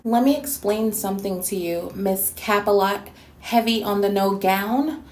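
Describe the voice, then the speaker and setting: A woman's voice: mid-range voice, measured pace, a little mellow. Sassy, scolding woman in an echoey room. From New York City. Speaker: YouTube reactor and host. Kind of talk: response video rant.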